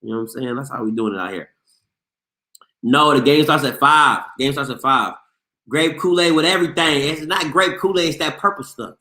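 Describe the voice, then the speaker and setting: Man, host, bright tense voice, playful arguing, casual chat, roomy echo. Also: mid-range voice, moderate pace. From Maryland. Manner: animated, playful, argumentative banter. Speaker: sports show host reading chat. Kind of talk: casual live-stream chat.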